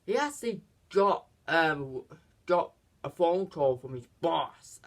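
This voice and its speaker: Halting, filler-heavy movie reviewer. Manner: halting, many fillers and restarts; acts out quoted lines in higher voices. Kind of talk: casual plot recap.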